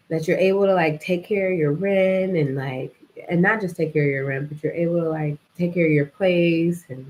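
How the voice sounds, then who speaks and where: A woman's voice: low voice, darkish tone, low-quality recording. A young adult woman talking in a casual, reflective vlog monologue, rambling and filling her speech with "like" and "you know". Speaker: vlogger.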